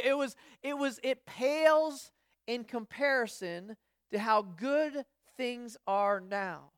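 High-voiced woman preaching conversationally. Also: slow, clean tone, no echo, clean studio sound. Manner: storytelling, frequent restarts, acts out quoted voices. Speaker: pastor. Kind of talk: conversational sermon.

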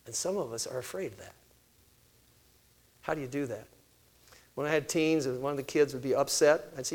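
An older man giving a sermon-style talk on parenting, animated, asking his listeners questions and answering them himself. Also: medium pitch, brisk, long pauses. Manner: animated, acts out family conversations. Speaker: parenting speaker.

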